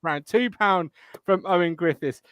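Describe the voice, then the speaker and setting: A Suffolk man with a slightly high voice hosts a live fan chat from home, sounding a little rough from tonsillitis. The sound is close and dry with no room around it, and he swears, laughs and teases himself as he goes. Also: a little slow, fairly bright tone, no room sound. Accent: Suffolk English. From Suffolk, England. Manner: swearing, laughing, self-mocking. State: ill with tonsillitis. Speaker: fan show host.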